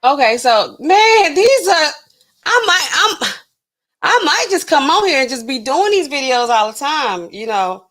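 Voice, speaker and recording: A woman's voice: high voice, a little slow. Chatty woman hosting a livestream reaction. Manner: chatty and animated, talking straight to chat viewers; relaxed slangy speech with frequent filler words. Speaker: host reacting to drug news clips. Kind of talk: casual livestream reaction chat.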